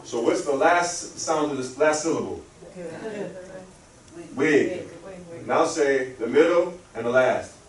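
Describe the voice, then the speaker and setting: A man's voice: mid-range voice, lively intonation, moderate pace, few pauses. Man leading a spelling drill in a room. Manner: leads the audience through call-and-response drills. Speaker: guest speaker. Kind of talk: interactive spelling lesson. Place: library lecture room. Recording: roomy, from a distance, faint room hum.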